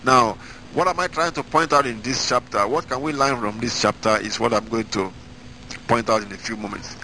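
A man's voice: medium pitch, steady tone, normal speed, bright, forceful tone, a little hiss or hum, low-quality recording. Emphatic male evangelist reading scripture. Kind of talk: Bible-reading sermon.

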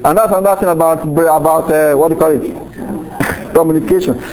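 A man's voice: fairly high pitch, steady tone, moderate pace, a little mellow, rough recording. A middle-aged man preaching a sermon in a conversational way, acting out little quoted exchanges as he teaches. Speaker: pastor.

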